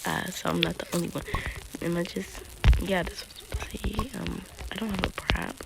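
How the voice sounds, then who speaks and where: A woman's voice: on the low side, flat delivery, moderate pace, creaky, heavy background noise. A woman casually talking through her own video game play, often dropping into a whisper. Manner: chatty, keeps drifting into whispers. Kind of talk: casual gameplay commentary.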